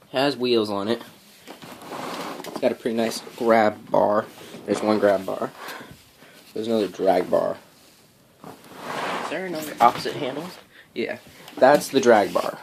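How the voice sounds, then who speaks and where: A man chats loosely through a show-and-tell of his gear in a slightly low voice. He rambles, stops often for "um" and "anyways", and keeps it easygoing. A faint hiss sits under the recording. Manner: rambling, many ums and anyways. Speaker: paintball vlogger.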